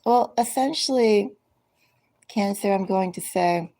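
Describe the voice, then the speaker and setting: A woman giving a collective tarot reading, speaking directly to each zodiac sign in an unhurried, musing way. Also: medium pitch, warm tone, rough recording. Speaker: tarot reader.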